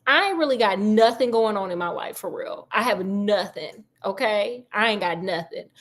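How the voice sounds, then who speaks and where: A woman voicing a rough, grateful old male ex-convict who speaks in blunt slang, in a casually retold story. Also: mid-range voice, expressive, moderate pace, a bit bright, close to an everyday voice. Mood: earnest. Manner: slangy, plain-spoken.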